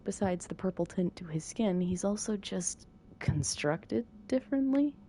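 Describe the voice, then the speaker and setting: A woman calmly narrating a visual novel as soft bedtime reading, with dry asides. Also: mid-range voice, measured pace, a little hiss or hum.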